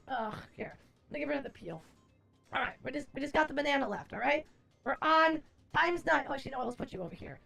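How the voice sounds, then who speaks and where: A woman's voice: sits high, gravelly, a bit bright. A young adult woman streamer chatting casually on a live stream, rambling, exasperated and profane as she answers her chat.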